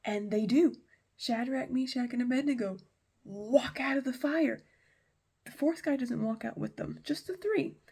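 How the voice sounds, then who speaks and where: A woman's voice: on the high side, measured pace, vocal fry, darkish tone, husky. A woman retelling a Bible story in a chatty, slangy way with lots of asides.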